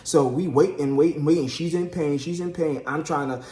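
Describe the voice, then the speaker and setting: Recounting his wife's birth in a casual storytelling vlog, a man speaks at a moderate pace in a somewhat high voice. The space is echoey, and he's animated and talkative, addressing viewers as "y'all" and acting out what people said.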